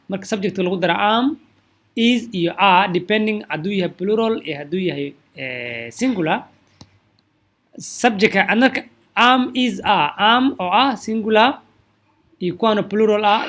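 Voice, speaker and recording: A man from Somalia giving an online grammar lesson. He rushes through his explanations, then stretches out each example sentence slowly and clearly, with a lively rise and fall in pitch. The voice sits close to the microphone. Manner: switches between quick explanations and slow, deliberate example sentences. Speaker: English teacher.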